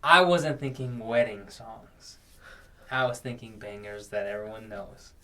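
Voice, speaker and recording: A young man co-hosting a podcast, telling a story in an animated, excitable way, saying "dude" a lot and swinging from loud to soft. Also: medium pitch, measured pace. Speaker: podcast co-host. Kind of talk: casual storytelling chat.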